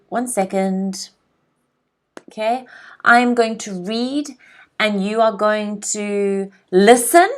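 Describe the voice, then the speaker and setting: A woman from South Africa teaching English vocabulary, drilling pronunciation and checking in with learners. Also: mid-range voice. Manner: slow, clear pronunciation drills with frequent check-ins. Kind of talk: vocabulary lesson.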